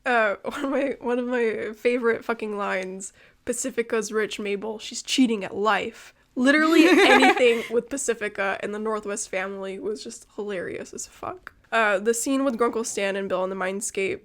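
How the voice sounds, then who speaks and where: A young woman co-hosting a podcast, chatting excitedly, swearing freely and laughing often. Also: fairly high pitch, normal speed, hardly any pauses. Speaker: podcast co-host. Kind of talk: casual chat.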